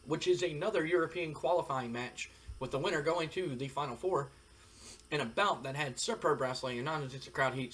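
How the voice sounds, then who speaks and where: A man's voice: a little high, a bit bright. A man casually narrating a wrestling management game, retelling it in a loose, rambling way. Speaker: game commentator. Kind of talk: casual let's-play narration.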